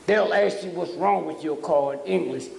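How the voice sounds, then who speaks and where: A man's voice: sits high, normal speed, creaky, darkish tone, a little hiss or hum. An older man giving a fiery public lecture, preachy and provoking, often tossing out "huh?" at the audience. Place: lecture hall. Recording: echoey hall from a distance.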